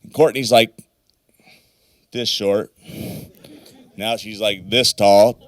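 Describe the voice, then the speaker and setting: A man's voice: on the low side, steady tone, slow, no echo, clean studio sound. A middle-aged man, the father of the bride, giving a rambling, folksy wedding toast and getting choked up now and then. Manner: rambling folksy storytelling, swears casually; emotional, voice wavers near tears. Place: wedding reception.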